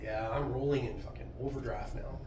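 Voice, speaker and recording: A man's voice: medium pitch, steady tone, a little fast, a crowd in the background. Middle-aged male comic, crude and self-mocking, heard from a distance in an echoey, noisy club. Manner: crude, self-deprecating storytelling. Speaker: stand-up comedian. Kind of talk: stand-up comedy set. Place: comedy club stage with audience. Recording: roomy club sound from afar, noisy.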